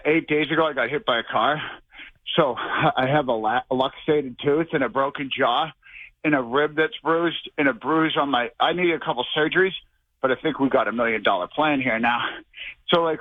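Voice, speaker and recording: Casting note: a rambling man with a Boston accent calls in over a tinny phone line, slightly breathless, voice a bit high. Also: dry recording. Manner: rambling, restless, talks over the host. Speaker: caller. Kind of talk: phone call to a talk show.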